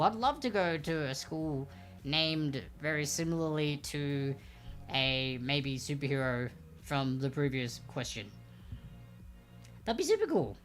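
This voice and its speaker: Running a livestreamed trivia game from home, this young Australian woman sits before a backdrop and talks into a desk microphone, no headphones. Her low-pitched voice stays chatty and upbeat as she reads questions slowly, stressing them and stretching out the names.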